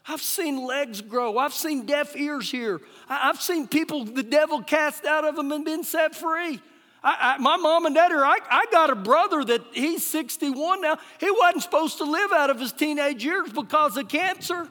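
Man, middle-aged, pastor, emphatic sermon, very high pitch, long hall reverb. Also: expressive, normal speed. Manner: emphatic preaching, rises loud then drops soft. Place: church sanctuary. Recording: live church recording with long hall reverb.

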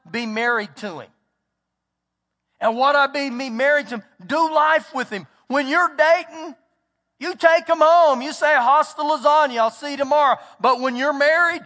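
Here a pastor preaches with an extremely high, pushed, bright voice. His sermon is emphatic and built around a story, with acted-out quotes and words repeated for stress, all echoing in the long reverb of a church hall.

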